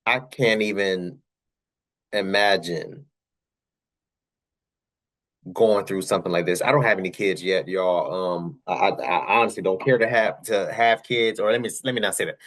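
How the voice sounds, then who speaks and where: A man's voice: low voice, moderate pace, long pauses, a bit bright. A young man hosting his channel, giving casual commentary on news clips. He talks straight to his viewers, repeats himself and fires off rhetorical questions. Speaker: channel host.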